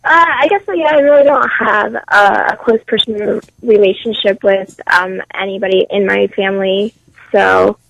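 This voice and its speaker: A woman musician being interviewed on a radio show, answering in a soft, halting way with many ums and uhs. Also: medium pitch, fairly even intonation, vocal fry, no echo, poor audio. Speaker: guest musician.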